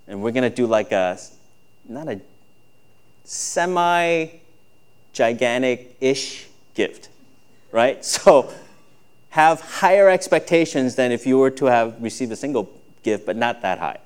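A man preaching a sermon as a pastor, talking in a conversational way and acting out quoted voices with lively shifts. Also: mid-range voice.

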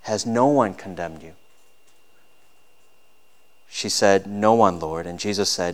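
A man's voice: deep voice, takes it slowly, pauses often. A man in his thirties preaching a sermon as a pastor, earnest and rising to emphatic peaks.

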